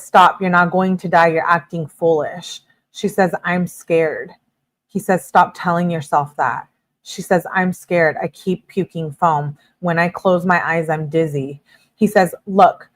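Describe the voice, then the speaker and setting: A young adult woman reading text messages aloud to her viewers, breaking off for animated asides and laughs. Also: on the low side. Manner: expressive, reacts with laughs and asides. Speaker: true crime streamer.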